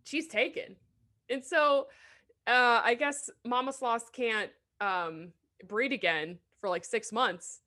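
Bright-voiced joking woman podcaster. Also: on the high side, slow. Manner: playful, swears freely, jokey asides. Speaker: podcast co-host. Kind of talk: casual podcast chat.

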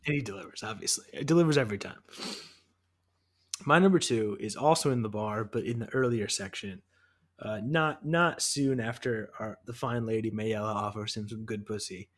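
A man's voice: fairly low pitch, moderate pace. A man co-hosting a podcast in casual chat, enthusiastic, rambling and profane. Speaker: podcast co-host.

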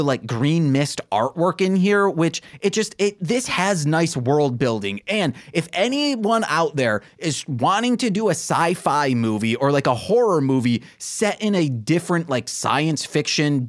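Podcast co-host, jokey recap reader, very animated intonation. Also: medium pitch, unhurried, few pauses. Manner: lively, jokey, reads prepared recaps. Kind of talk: casual chat about comics.

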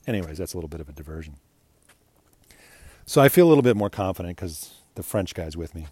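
A man's voice: low voice, expressive, fast talker, pauses often, darkish tone, breathy edge. A middle-aged man casually telling a rambling, self-deprecating personal anecdote, chuckling between lines. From United States. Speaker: storyteller.

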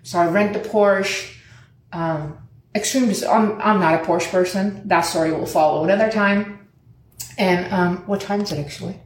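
A woman's voice: moderate pace, reverberant. A young woman telling a casual story and acting out the quoted lines, swearing often. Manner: animated, acts out quoted lines in higher pitch, swears often.

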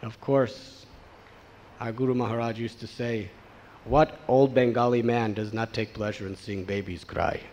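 A man giving a devotional storytelling sermon, animated and acting out the voices of the people in his tale. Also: medium pitch, measured pace, slight background noise, rough recording. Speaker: spiritual teacher.

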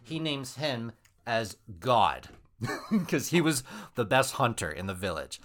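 A man's voice: mid-range voice, very animated, a little slow, fairly bright tone. A man hosting a podcast, telling a true story casually with wry joking asides.

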